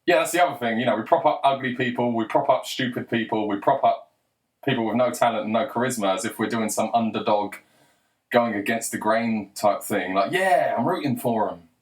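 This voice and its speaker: A man's voice: mid-range voice, fairly even intonation, fairly quick. A man in his forties delivering a sarcastic, exasperated commentary rant. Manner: sarcastic, exasperated, mocking voices for quotes. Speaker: commentary vlogger. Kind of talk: ranting commentary monologue.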